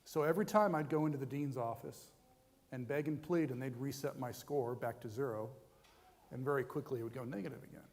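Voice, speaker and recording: A man's voice: mid-range voice, a little fast, darkish tone. Self-deprecating storyteller man in a chapel hall. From United States. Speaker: guest speaker. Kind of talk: personal testimony to students. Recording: long hall reverb.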